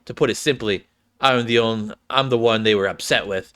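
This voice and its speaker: A man reading the part of a brash, blunt young female fighter who scolds others and rushes to explain herself. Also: lowish voice, a bit bright, close to an everyday voice. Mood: scolding.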